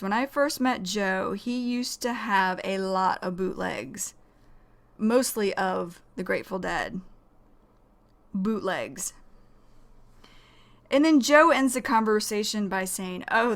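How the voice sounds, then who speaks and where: Patient woman English teacher, mid pitch, unhurried, repeats each word as she explains it. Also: expressive, gravelly. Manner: explains words slowly, repeating them. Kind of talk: slow, careful vocabulary lesson.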